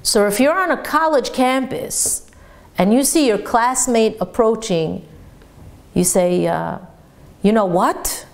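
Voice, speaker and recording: A woman teacher giving a sermon-style Torah lesson, telling stories lively and laughing along the way. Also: fairly high pitch, takes it slowly, gravelly.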